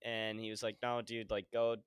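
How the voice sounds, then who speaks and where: A man's voice: fairly low pitch, flat delivery, moderate pace, clear, resonant tone, no echo, clean studio sound. A young man co-hosting a podcast, telling stories in a laid-back, swear-heavy casual chat. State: injured foot, hobbling. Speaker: podcast co-host.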